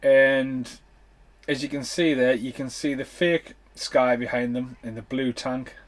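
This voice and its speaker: Bloke swearing his way through a movie commentary podcast, mid pitch, super casual. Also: fairly even intonation, unhurried. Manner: sweary, blunt running commentary. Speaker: podcast host.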